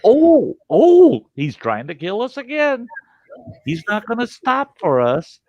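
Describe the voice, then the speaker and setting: A man telling a story and putting on his panicked ex-wife as she yells frantic orders at the kids. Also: sits high, wildly swooping pitch, takes it slowly, no echo, dull audio, voice pushed up, full character voice. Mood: frantic yelling. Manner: frantic, yelling.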